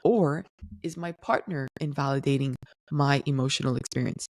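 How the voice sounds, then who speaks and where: A woman hosting a solo podcast, explaining things in a calm, teaching tone. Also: a bass voice, moderate pace, no room sound, clean studio sound. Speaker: podcast host.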